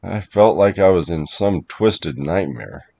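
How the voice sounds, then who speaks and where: A man narrating a first-person creepypasta story in a measured voice that grows tense at the scares. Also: sits low, animated, gravelly, warm tone.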